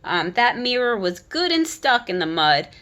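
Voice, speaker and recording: A polite, motherly bird from a picture book who explains things in a plain, matter-of-fact way, as a woman puts her on. Her voice is bright and pitched a little high. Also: big pitch swings, moderate pace.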